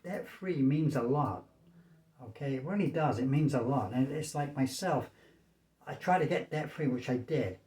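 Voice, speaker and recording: A man's voice: medium pitch, animated, normal speed, mellow, reverberant. A man in his sixties from the United States, rambling in a casual vlog commentary, repeating his points and tagging lines with "okay?". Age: 60s. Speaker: vlogger. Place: small room in his apartment.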